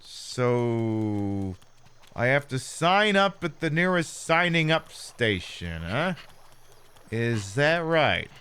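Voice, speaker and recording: A man's voice: mid-range voice, sing-song, drawn-out words, bright, forceful tone, clear, resonant tone. A man playing a game on stream, muttering sarcastic, swearing commentary to himself. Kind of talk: casual gameplay commentary.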